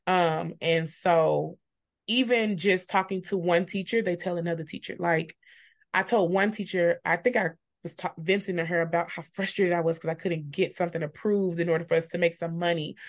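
Animated storytelling woman from Texas. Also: on the low side. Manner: animated storyteller who acts out quoted dialogue. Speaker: high school marketing teacher, guest. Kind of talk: casual interview conversation.

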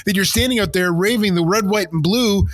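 An older man hosting a casual faith podcast, talking in an animated, preachy way. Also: sits high, brisk, no room sound, clean studio sound. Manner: animated, preachy, mimics voices. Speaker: podcast host.

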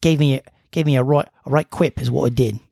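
A man's voice: medium pitch, fast talker, vocal fry, dark tone, dry recording, clean studio sound. A man putting on a British accent as a fussy listener who is cross about the show. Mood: huffy. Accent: British, put on.

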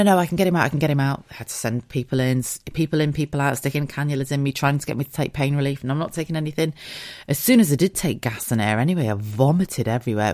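A woman host frankly telling a personal story in a casual, animated way, with swearing and laughter. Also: rumbling low, vocal fry, no room sound, clean studio sound. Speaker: podcast host.

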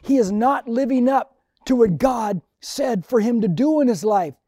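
Older male pastor, earnest and conversational, warm mellow voice, dry recording. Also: very high voice, lively intonation, measured pace, dry recording. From Mexican heritage. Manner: earnest, conversational, acts out dialogue. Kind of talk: sermon storytelling.

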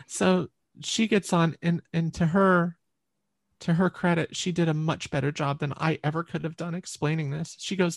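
Gravelly-voiced woman telling an earnest story. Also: sits low, little pitch movement, dry recording. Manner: earnest, halting, with many restarts and repeated words. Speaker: podcast guest. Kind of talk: emotional personal storytelling.

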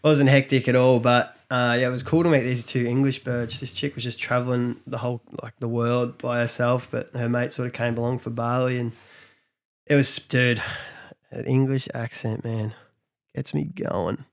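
A man's voice: medium pitch, level tone, moderate pace. A young Australian man with an Australian accent, chatting on a podcast. He rambles through stories with plenty of swearing, in a mid-range voice. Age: young adult. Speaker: podcast co-host. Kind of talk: casual chat.

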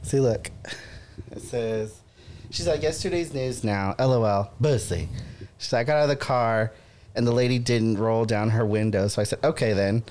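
A man's voice: medium pitch, normal speed, a little mellow. A man hosting a podcast in casual banter, teasing his co-hosts, laughing often and mimicking other people's voices. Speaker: podcast host.

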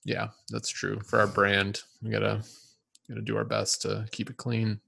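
A man's voice: on the low side, completely flat delivery, moderate pace, creaky, sharp tone, slightly rough. A man co-hosting a podcast in easygoing casual chat, agreeing and laughing along. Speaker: podcast co-host.

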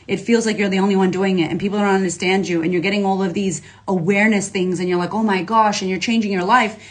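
A woman life coach on a casual livestream, talking to followers in an energetic, slangy, profane way and reading out viewer comments. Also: mid-range voice, fast.

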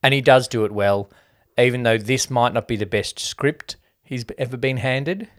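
A man's voice: mid-range voice, moderate pace, a bit bright. A man co-hosting a casual film review podcast, talking in a chatty way. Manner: chatty, quotes people in mock voices. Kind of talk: casual chat.

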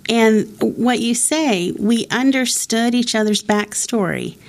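A woman's voice: on the high side, slow. A woman in her fifties hosting an interview, speaking in a personal, earnest way. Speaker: interview host. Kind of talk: conversational interview.

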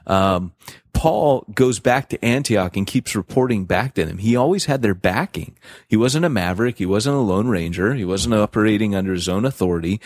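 A man co-hosting a casual podcast, his voice sitting fairly low. He talks in an animated, jokey way, stumbling through restarts and fillers. The sound is dry and close. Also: no room sound. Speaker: podcast co-host.

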